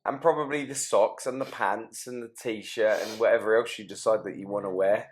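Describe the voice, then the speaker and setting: A man's voice: on the low side, fairly even intonation, normal speed. A man hosting a podcast interview, asking questions and throwing in teasing jokes. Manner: teasing, jokey. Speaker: podcast host. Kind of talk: conversational interview.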